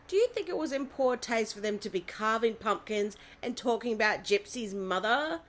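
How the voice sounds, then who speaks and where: A woman's voice: a little high, expressive, moderate pace. A woman host speaking casually to viewers, chatty and laughing. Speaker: show host.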